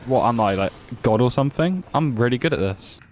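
Young man, game streamer, playful jokes, excitable, desk mic, faint music. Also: medium pitch, brisk. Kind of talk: casual gameplay commentary.

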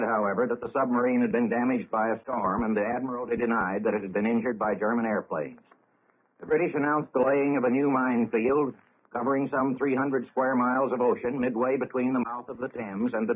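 A man reading a 1930s radio news bulletin in a measured, formal way with dry, wry asides. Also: medium pitch, husky. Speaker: radio newscaster. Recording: tinny lo-fi 1930s radio broadcast.

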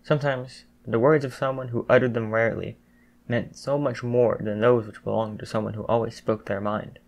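A man narrating a fan fiction audiobook in a steady storytelling voice. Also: mid-range voice, moderate pace, vocal fry.

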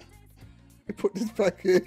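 A man's voice: takes it slowly, mellow, soft background music. A man hosting a gaming comedy channel, teasing and crude in comedic virtual-world role-play, often breaking into laughter.

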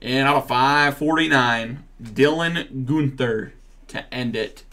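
A man's voice: medium pitch, slow, pushed and bright. A man hosting a live card break, joking around as he calls out each card and its print run. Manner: playful, jokey, calls out cards and numbers. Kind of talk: live card break banter, reading cards.

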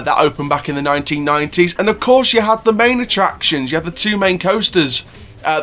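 A man's voice: fairly high pitch, pushed and bright. A man hosting a casual theme park vlog, talking in a chatty, upbeat way with lots of fillers and restarts. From England (Doncaster). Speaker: theme park YouTuber host.

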